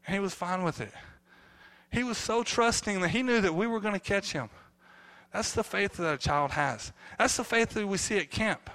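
A man's voice: high-pitched, a little fast. A man, a pastor in his thirties, preaching a sermon, telling family stories and acting out the people in them. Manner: animated storytelling, acting out quotes.

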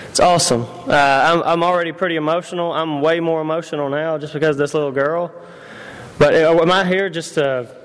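Guy preaching, kinda high voice, chatty and repeats stuff, long church echo. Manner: conversational, repeats himself, asks the audience questions. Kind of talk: sermon. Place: church hall. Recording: long reverb of a church hall.

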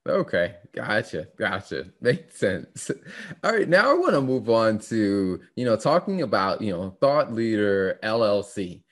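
A man's voice: on the low side, big pitch swings, a little slow. A man interviewing a guest in casual conversation, often affirming with short replies. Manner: affirming, says "gotcha" often.

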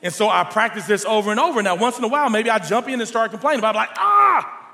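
A man preaching a sermon to a congregation, animated and storytelling, his voice sometimes rising to near shouts. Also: sits high, racing. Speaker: pastor. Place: large church hall. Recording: long hall reverb.

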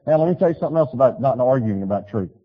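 A man preaching a sermon, telling stories and urging his listeners, swinging from loud appeals to quiet pleas. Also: medium pitch, expressive, rapid-fire, in a large hall, muffled recording. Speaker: pastor.

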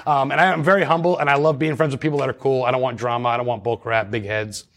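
A man's voice: mid-range voice, steady tone, fast, a bit bright. A man talking as a paranormal investigator guest in a casual interview, chatty and rambling with many restarts.

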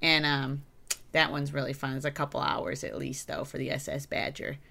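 A young adult woman co-hosting a casual podcast, animated and jokey, slipping into playful baby talk. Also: extremely low pitch, moderate pace, vocal fry. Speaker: podcast co-host.

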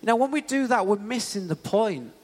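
A man's voice: high-pitched, a little fast. A young man preaching a sermon in a casual, storytelling way, full of "you know" fillers. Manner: conversational, animated storytelling with many fillers. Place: church hall. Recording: long church hall reverb.

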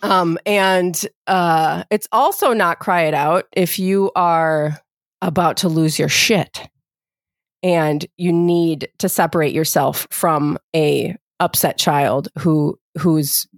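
A woman in her thirties co-hosting a casual chat about parenting, explaining with quick asides and many fillers. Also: low-pitched, no echo, studio quality.

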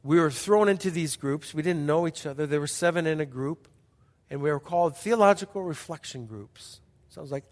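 Telling his sermon as a story, a middle-aged male pastor speaks emphatically and repetitively, falling into hushed passages between bursts. His voice sits a little high at a moderate pace, with long hall reverb around it.

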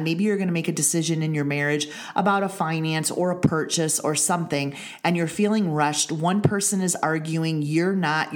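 Earnest woman teaching devotionally, low voice. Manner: earnest, repeats key phrases for emphasis. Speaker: women's ministry leader.

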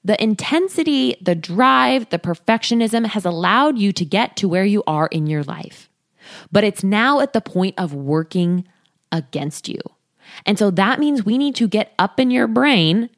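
A woman hosting a talk, coaching listeners in an earnest, expressive way and acting out their inner voices. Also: mid-range voice, dry recording, clean studio sound. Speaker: podcast host, body image coach. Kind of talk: casual motivational talk.

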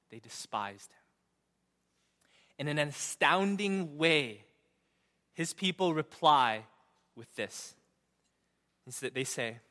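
A young man preaching a sermon, emphatic, often asking the crowd "right?" and dropping from loud to hushed. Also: fairly high pitch. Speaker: pastor. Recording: long reverb of a large hall.

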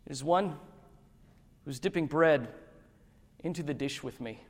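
A man reading as a solemn, sorrowful teacher. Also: fairly high pitch. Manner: slow, grave and deliberate. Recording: long hall reverb.

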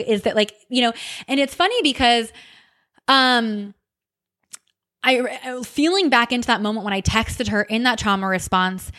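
A woman with a slightly high voice hosts her own podcast, sharing a personal story in an animated, unfiltered way. She talks loosely, with fillers and restarts, and lets a curse slip in when she gets worked up. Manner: candid, animated storytelling with frequent fillers and swearing; seen on camera holding crystal wands. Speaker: podcast host. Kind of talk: personal reflective monologue.

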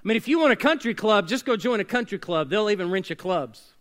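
A man preaching a sermon as pastor, swinging between loud emphatic bursts and quiet hushed lines. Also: high voice, animated, quick pace. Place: church sanctuary.

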